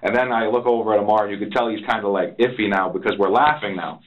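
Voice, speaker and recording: A man's voice: on the low side, fast talker, lo-fi sound. Rambling, profane man in an interrogation. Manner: rambling, profane, acts out quotes of others. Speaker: officer being interrogated. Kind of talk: recounting events under interrogation. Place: interrogation room.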